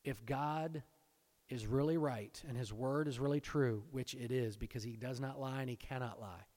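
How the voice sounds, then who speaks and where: A man preaching a sermon, swinging between hushed, intense lines and loud, exultant emphasis. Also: mid-range voice, moderate pace. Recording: long hall reverb.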